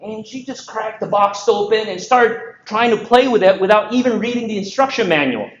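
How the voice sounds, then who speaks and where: A man from the Philippines giving an energetic conference presentation, lively and joking, full of rhetorical questions. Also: high-pitched, brisk, a little hiss or hum. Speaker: conference speaker. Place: large conference hall. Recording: echoey, dull hall recording.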